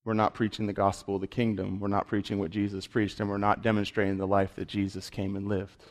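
A man's voice: lowish voice, completely flat delivery, fast talker. A man preaching a sermon with passion, asking the listeners rhetorical questions. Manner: impassioned, rhetorical questions, rising intensity.

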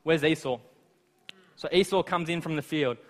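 A man's voice: a little high, moderate pace. Man preaching in a big echoing hall. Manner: lively retelling of scripture with asides to the listeners. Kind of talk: sermon. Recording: long reverb of a large hall.

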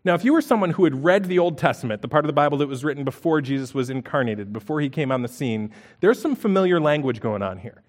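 A man preaching a sermon, reading scripture aloud and breaking into animated storytelling with playful asides. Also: a little high, quick pace, few pauses. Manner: reads scripture passages aloud. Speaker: pastor.

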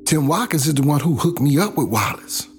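A man's voice: a little high, big pitch swings, a little fast, a little hiss or hum. A middle-aged man from South Los Angeles telling his own life story in a blunt, profane, casual way.

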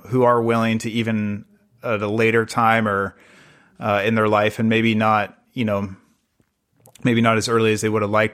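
A man's voice: fairly low pitch, a bit bright. A man talking as a podcast guest, earnest and rambling, with many fillers and restarts. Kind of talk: casual interview conversation.

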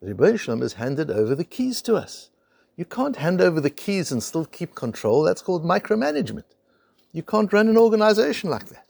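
A man's voice: high voice, sing-song, brisk, creaky, darkish tone, no echo. A man teaching a Talmud class, telling the stories with animation and weaving in Hebrew and Aramaic terms. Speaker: Torah teacher.

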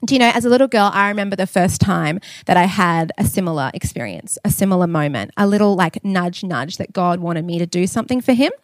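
A woman's voice: fairly low pitch, expressive, quick pace, few pauses, no echo. Australian woman preaching with candid humor. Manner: candid, humorous storytelling with laughs. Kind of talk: sermon.

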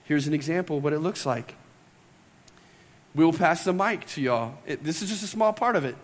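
A pastor with a high voice delivers a chatty, lively sermon, bantering with his congregation between points. His voice rings out with a long reverb from the church hall around him. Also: moderate pace. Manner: conversational, playful asides to the congregation. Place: church sanctuary.

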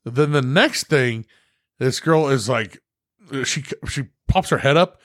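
A man's voice: medium pitch, takes it slowly, no echo, clean studio sound. A man hosting a casual chat, telling stories with lots of swearing and laughter. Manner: animated storyteller, swears a lot, laughs often. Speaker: podcast host.

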